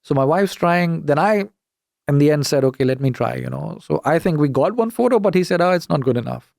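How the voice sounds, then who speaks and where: A middle-aged man from the UK, talking as a guest on an interview podcast. His voice sits slightly high and has a gravelly edge, and the room sound is dry and close. He tells stories with animated, indignant emphasis and acts out each side of the dialogue. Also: brisk, dry recording. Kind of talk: casual storytelling interview.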